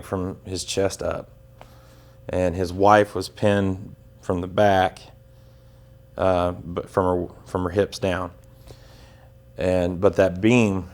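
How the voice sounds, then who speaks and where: A man recounting a tornado rescue as documentary testimony, halting and full of restarts. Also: low voice, darkish tone.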